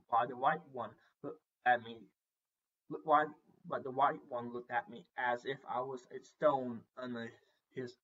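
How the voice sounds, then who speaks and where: A man's voice: mid-range voice, fairly bright tone, lo-fi sound. A man reading an unedited fan story aloud in first person, stumbling and restarting often. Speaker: reader.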